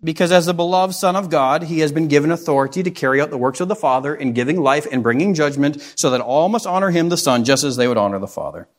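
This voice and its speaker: Male preacher, fairly high voice, earnest expository delivery with rhetorical questions. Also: quick pace, hardly any pauses. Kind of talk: sermon.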